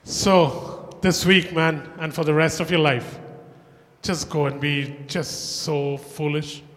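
A man pastoring a church, speaking in a relaxed, conversational way and checking in with the congregation. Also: a little high, takes it slowly. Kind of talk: casual sermon and church announcements. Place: church hall. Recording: reverberant church hall.

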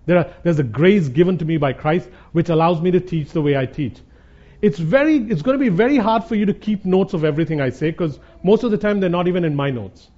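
A man's voice: high-pitched, animated, fast, dark tone. A man preaching as a Bible teacher in a conversational sermon. He speaks earnestly, repeats points for emphasis and calls his listeners "guys". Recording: dull lo-fi recording.

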